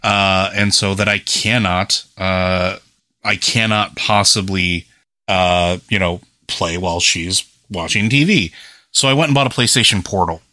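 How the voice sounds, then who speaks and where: A podcast co-host chats casually and rambles, using plenty of fillers. His voice sits low and sounds pushed and bright, at a measured pace. The recording is dry and of studio quality.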